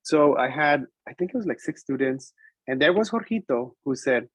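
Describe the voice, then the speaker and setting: A man, a preschool teacher, telling a classroom story to educators in an animated way, switching between English and Spanish. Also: medium pitch, moderate pace, slightly rough, dry recording, poor audio. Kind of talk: storytelling presentation.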